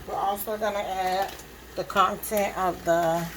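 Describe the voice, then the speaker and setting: A woman's voice: mid-range voice, steady tone, unhurried, slight background noise, low-quality recording. A woman giving a casual cooking demonstration in her home kitchen, chatting to viewers and checking in with "okay?" as she goes. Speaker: cooking vlogger.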